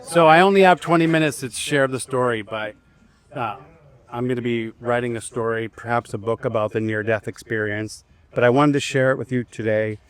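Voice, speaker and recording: A man's voice: medium pitch, clear, resonant tone. A man telling a personal story to a live group in a casual, conversational way, with fillers and restarts. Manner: leads the group in slow breathing. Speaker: speaker at a wellness event.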